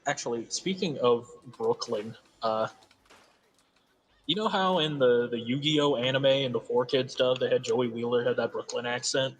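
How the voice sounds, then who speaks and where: A man's voice: medium pitch, low-quality recording. Man trading dry quips. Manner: dry, quick-witted quips. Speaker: streamer's friend. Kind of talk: casual gaming stream chat.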